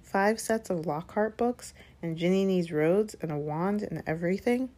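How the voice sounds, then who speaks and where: A woman's voice: on the low side, normal speed, warm tone, lightly acted. A woman voicing a wry, teasing teenage boy wizard in a read-aloud story.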